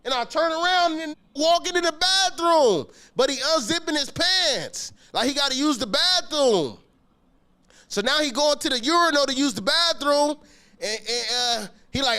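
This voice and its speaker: A man telling a story about his school days in a casual, slangy, animated way, swearing often and acting out the scenes. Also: very high voice, moderate pace. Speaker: podcast guest telling a story.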